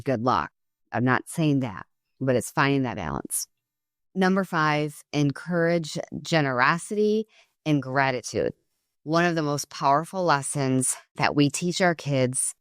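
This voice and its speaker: A middle-aged woman hosting a podcast, telling a family story earnestly and acting out quoted lines with a higher voice. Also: dry recording, clean studio sound. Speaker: podcast host. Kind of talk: solo podcast talk with storytelling.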